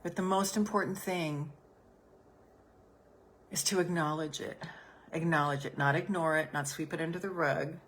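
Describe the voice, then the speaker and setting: A woman with a low, deep voice guides listeners through a calm healing exercise as a business coach. She speaks soothingly and gently, repeating her phrases softly. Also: normal speed, pauses often, a little hiss or hum. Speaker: business coach and podcast host.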